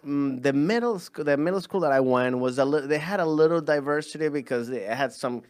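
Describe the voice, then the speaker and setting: A young man from Venezuela with a Spanish accent, a comedian telling stories in a rambling, animated way on a podcast. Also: a little high, fairly quick, clear, resonant tone. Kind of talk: casual chat.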